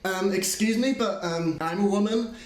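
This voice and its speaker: A man's voice: high-pitched, normal speed, echoey room, lightly acted. A man putting on a ditzy young woman. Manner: hesitant, filler-heavy valley-girl talk.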